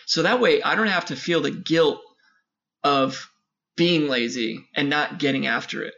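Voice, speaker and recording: A man's voice: fairly high pitch, lively intonation, a little slow, creaky, pushed and bright. A man co-hosting a casual podcast chat, talking in a laid-back, rambling, slangy way. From San Diego area. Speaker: podcast co-host. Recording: muffled lo-fi audio.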